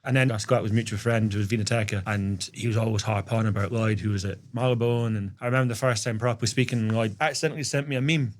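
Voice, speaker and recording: A man talks at a brisk clip, chatting casually as a podcast guest. He tells his stories in a loose, rambling way, stacking one aside on top of the next. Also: lowish voice, steady tone. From Southwest Scotland. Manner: rambling anecdotal storytelling. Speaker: restaurant co-owner, guest.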